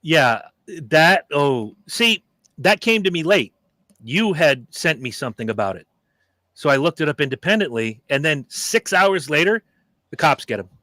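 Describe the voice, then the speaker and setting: A man's voice: fairly high pitch, sing-song, normal speed, sharp tone, no echo. A middle-aged man hosting a podcast, chatting casually and telling stories with profanity and acted-out quotes. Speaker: podcast host. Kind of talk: casual chat.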